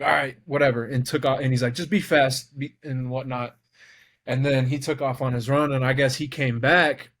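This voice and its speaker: A young man co-hosting a podcast, telling a story in casual chat and acting out the quotes with lively jumps in his voice. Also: medium pitch. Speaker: podcast co-host.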